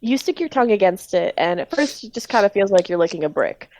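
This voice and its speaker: A woman's voice: medium pitch, very animated, fast, a little mellow. A woman game master narrating a tabletop role-playing game in a casual way, with plenty of ums and likes.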